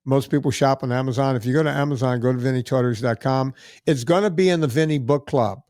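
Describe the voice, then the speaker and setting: A man's voice: mid-range voice, quick pace, a little mellow, no room sound, clean studio sound. A man hosting a podcast, wrapping up casually with chatty plugs. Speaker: podcast host.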